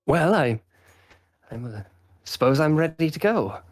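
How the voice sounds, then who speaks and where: A man's voice: on the high side, sing-song, a little slow, voice pushed up. A man voicing a proud, easily embarrassed young male tribesman with a stiff manner. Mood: hesitant.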